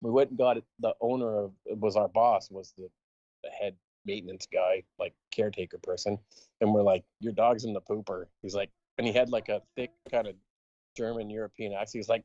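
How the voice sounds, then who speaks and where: A man's voice: fairly low pitch, fairly even intonation, brisk, mellow, no room sound, dull audio. Man telling a rambling camp story. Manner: rambling anecdote, laughing often. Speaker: podcast co-host. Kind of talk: casual storytelling chat.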